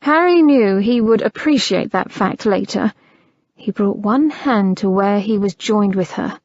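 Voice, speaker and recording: A woman narrates an audiobook in a measured, unhurried way at a very slow pace. The recording is dry and close. It also sounds slightly muffled. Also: medium pitch, animated, darkish tone, no room sound.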